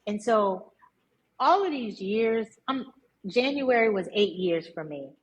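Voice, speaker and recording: A woman entrepreneur, a guest on an interview podcast, telling her story in a lively, emphatic way and repeating words for stress. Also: medium pitch, slow, dull audio.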